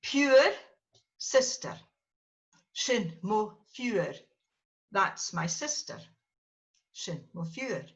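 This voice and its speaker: A woman's voice: mid-range voice, sing-song, drawn-out words, pauses often, fairly bright tone. A woman teaching a language class, patiently calling on students by name and correcting their pronunciation. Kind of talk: classroom lesson with learners. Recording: dull lo-fi recording.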